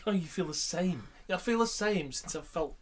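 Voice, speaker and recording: A man's voice: high-pitched, lively intonation, brisk, slight background noise. A middle-aged man, a podcast co-host swearing and teasing his friends in casual banter.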